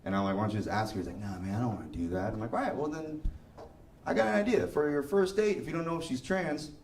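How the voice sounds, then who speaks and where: A man's voice: medium pitch, fast talker, darkish tone. A young man doing a stand-up comedy set, casual and profane, laughing through his bits. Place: live comedy venue. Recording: roomy live venue with noise.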